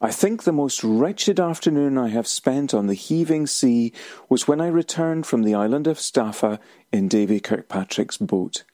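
A man's voice: medium pitch, moderate pace, no echo, clean studio sound. A male presenter reading a scripted historical narration with wry, personal asides. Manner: wry, expressive storytelling.

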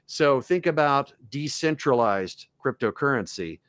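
A man, a voice actor, talking casually as a podcast guest, enthusiastic and dropping into quick character voices. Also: mid-range voice, lively intonation, a bit bright, smooth, no echo. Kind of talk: casual chat.

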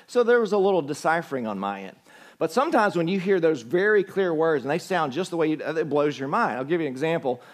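A man's voice: on the high side, animated, fast. Southern man preaching conversationally. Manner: conversational storytelling. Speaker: pastor. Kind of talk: sermon.

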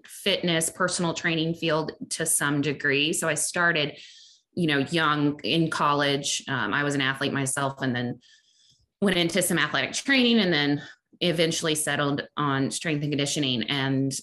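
A woman's voice: low voice, pushed and bright. A woman in her forties with a Southern American accent, a strength coach chatting in a podcast interview, laughing easily and rambling. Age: 40s.

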